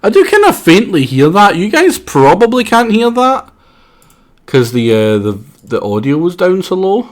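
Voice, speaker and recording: A man's voice: high-pitched, huge pitch swings, normal speed. Rambling, playful male streamer. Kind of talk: casual live-stream commentary.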